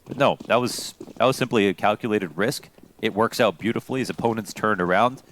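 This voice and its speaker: A man giving relaxed, explanatory color commentary on a competitive shooter match. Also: fairly low pitch, fairly quick, a little hiss or hum. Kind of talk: esports analysis commentary.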